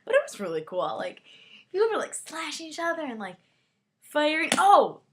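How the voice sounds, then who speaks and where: A young woman giving a casual book and movie review, rambling excitedly with lots of fillers and side comments. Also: high voice, moderate pace, background noise.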